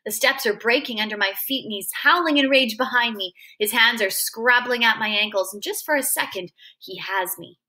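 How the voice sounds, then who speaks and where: Woman reading a novel aloud, expressive, dramatic, bright, slightly high voice. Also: moderate pace, few pauses. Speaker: reader.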